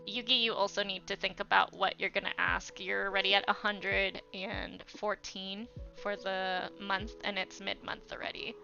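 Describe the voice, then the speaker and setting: On a slightly dull, lo-fi art stream with faint music in the background, a young woman chats casually with viewers as she draws, thanking them by name and using many fillers. Her voice is medium in pitch, gravelly, bright and pushed.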